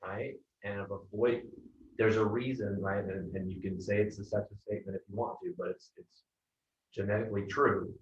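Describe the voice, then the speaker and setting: Man, sales coach. Lowish, direct, heard distant and echoey on a call. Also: fairly even intonation, normal speed, lo-fi sound. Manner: direct, keeps asking "right?". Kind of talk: coaching feedback.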